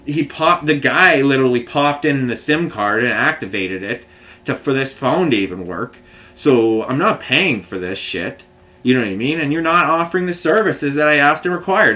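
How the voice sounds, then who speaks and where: A man's voice: mid-range voice, bright, forceful tone. A man, ranting to camera in an agitated, rambling way with many fillers and restarts. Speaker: vlogger. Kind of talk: frustrated rambling rant to camera.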